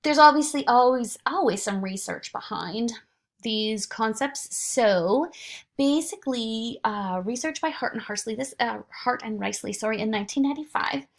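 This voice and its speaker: A woman instructor giving a recorded lecture in a chatty, animated way, now and then dropping into sing-song baby talk to demonstrate. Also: a little high, moderate pace.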